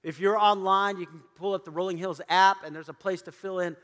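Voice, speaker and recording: A man's voice: high voice, fairly even intonation, brisk, a bit bright, big-room sound. A man preaching a sermon in a church, dramatically acting out the voices of biblical figures. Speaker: pastor. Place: church auditorium.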